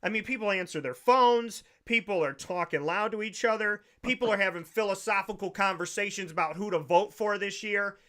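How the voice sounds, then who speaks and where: Guy ranting on a sports podcast, kinda high voice, bright punchy tone, repeats himself a lot. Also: moderate pace, hardly any pauses. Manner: emphatic, preachy, repeats phrases. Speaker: sports talk show host. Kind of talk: opinionated podcast rant.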